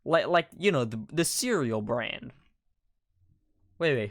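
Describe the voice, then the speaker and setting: A young man chats on a casual podcast, often laughing and protesting in flustered bursts. His voice is smooth and clear, and it sits at a middle pitch. The sound is close and dry. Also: unhurried, fairly bright tone, no echo. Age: young adult. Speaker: podcast co-host. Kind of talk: casual chat.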